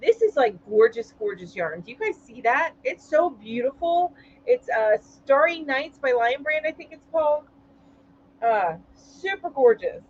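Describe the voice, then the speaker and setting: A woman's voice: high voice, big pitch swings, measured pace, lo-fi sound, slight background noise. A woman hosting a casual live chat stream, greeting viewers by name and laughing often as she talks. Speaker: livestream host.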